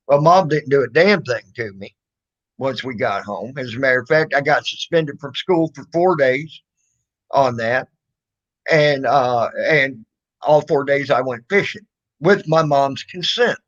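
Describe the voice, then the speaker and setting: A man's voice: medium pitch, measured pace. A man casually telling a childhood story, rambling and swearing, full of fillers and restarts. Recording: dull lo-fi recording.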